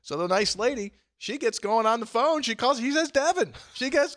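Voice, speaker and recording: A man hosting a casual sports chat, telling stories in an animated way and chuckling as he mimics the people he quotes. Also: moderate pace, few pauses, no room sound, studio quality. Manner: animated, acts out quoted voices with big jumps in pitch; chuckles often while telling a story. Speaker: podcast host.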